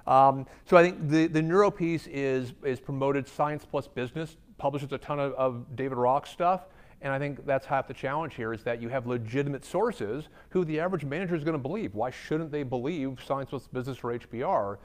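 A man's voice: mid-range voice, brisk. A man speaking as a guest at a company talk, answering audience questions in a candid, conversational way with frequent ums. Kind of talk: conference Q&A talk. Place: company event room.

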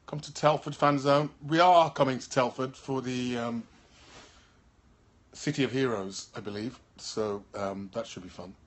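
A tired man from Birmingham, an actor in a laid-back live-stream chat, reading out viewer comments into a phone he holds, often clearing his throat and trailing off with ums. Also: medium pitch, steady tone, measured pace. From Birmingham, England. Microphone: phone held in hand.

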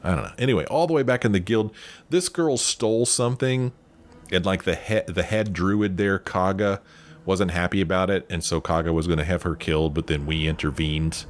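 Deep-voiced man reading game choices. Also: normal speed. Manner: reads dialogue options aloud, chatty. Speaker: let's play host. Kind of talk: casual game commentary. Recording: faint game music behind.

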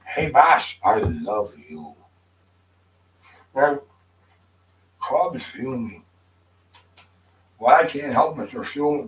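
A man on a livestream, chatting in a rambling, profane, emotional way, swinging between shouts and mutters. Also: medium pitch, expressive, very slow, long pauses, recorded from a distance, muffled recording.

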